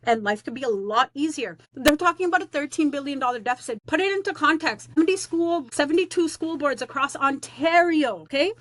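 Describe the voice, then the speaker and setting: A woman's voice: high-pitched, animated, brisk, hardly any pauses, a bit bright, slight background noise. A woman who is a teacher on leave, talking in a casual vlog rant, blunt, slangy, defiant and rambling with lots of fillers.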